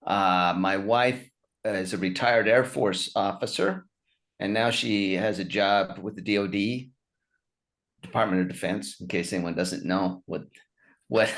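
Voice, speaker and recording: A man's voice: deep voice, unhurried, fairly bright tone. A man in his fifties from Utah, a stand-up comedian chatting as a guest on a video call, wry and self-mocking, laughing often. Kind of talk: casual chat over a video call.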